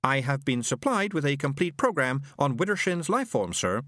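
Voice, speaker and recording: A man voicing a pompous, booming male robot servant who talks in a fussy, formal, pedantic way. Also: very animated, normal speed, a bit bright, dry recording, clean studio sound. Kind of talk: audiobook character reading.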